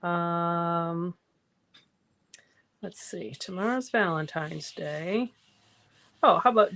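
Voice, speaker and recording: A woman's voice: lowish voice, lively intonation, a little slow. A woman from Massachusetts hosting a card-making livestream, chatting casually as she works and reads out viewer comments. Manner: chatty, talks through her crafting steps and reads out viewer comments. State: out of breath. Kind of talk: casual craft livestream chat.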